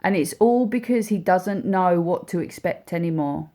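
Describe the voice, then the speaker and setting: A woman speaking as a mother, telling a personal story in a heartfelt, halting way with many repeats and restarts. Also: fairly low pitch, warm tone. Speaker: mother speaking about her son.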